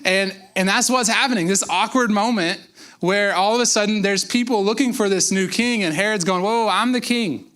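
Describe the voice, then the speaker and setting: Guy pastor preaching, chatty style, kinda higher voice, acts out little bits. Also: brisk, a bit bright, clean tone. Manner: conversational preaching with acted-out quotes and repetitions. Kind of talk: sermon.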